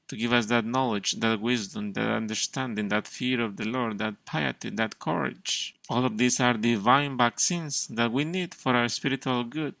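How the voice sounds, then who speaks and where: Male priest, gravelly mid-pitched voice, earnest sermon delivery, dry close recording. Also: fairly bright tone, no echo. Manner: earnest preaching, listing in repeated phrases. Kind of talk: sermon reading and commenting on a devotional text.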